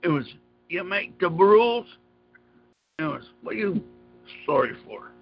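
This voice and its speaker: Profane rambling host, man, high gravelly voice, slightly dull recording. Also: big pitch swings, a little slow, faint music behind. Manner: rambling, profane, stammering restarts. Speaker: podcast host. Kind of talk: casual profane banter.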